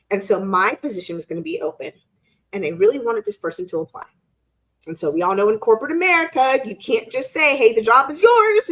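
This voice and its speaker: A middle-aged woman co-hosting a casual live-stream chat, telling an animated story and acting out quotes in squeaky voices. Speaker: co-host.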